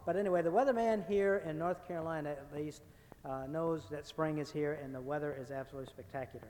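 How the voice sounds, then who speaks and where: A man preaching a sermon in a church sanctuary, folksy and full of little jokes and stories. His voice sits a bit higher than most men's, and it rings with a long church reverb. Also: quick pace, darkish tone. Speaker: guest preacher.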